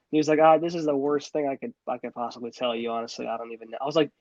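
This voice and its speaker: A man in his thirties co-hosting a casual podcast, telling animated stories with swearing and frequent laughs. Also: mid-range voice, rapid-fire, few pauses, dry recording, dull audio. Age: 30s. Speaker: podcast co-host. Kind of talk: casual chat.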